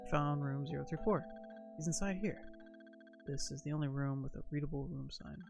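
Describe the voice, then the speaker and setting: A man's voice: medium pitch, flat delivery, fast talker, gravelly, lo-fi sound, soft background music. A man streaming a story game, reading its text aloud, stumbling over words and laughing now and then.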